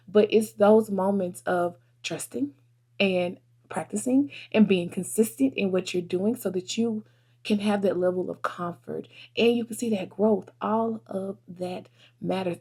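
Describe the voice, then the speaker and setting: Husky and mellow in a mid-range voice, a woman in her 30s who works as a vlogger and photographer talks casually to camera from her desk. Her chat with viewers is earnest and heartfelt.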